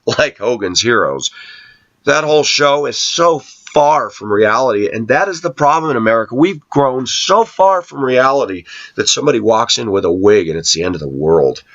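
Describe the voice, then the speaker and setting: A man's voice: on the low side, a bit bright, highs cut off. A man hosting his own channel, telling workplace stories in a sarcastic, rambling way. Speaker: YouTube channel host. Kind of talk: casual talking-to-camera monologue.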